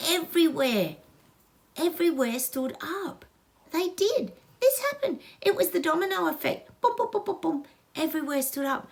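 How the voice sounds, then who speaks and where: A middle-aged Australian woman, a psychic host, talking to viewers in a gushing, emphatic way. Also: mid-range voice. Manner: gushing, emphatic, gets emotional. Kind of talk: casual psychic reading to viewers.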